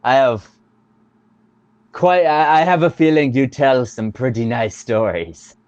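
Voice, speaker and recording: A man playing a tabletop game, talking gently with a stammering delivery. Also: mid-range voice, measured pace, no room sound, muffled recording. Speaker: player.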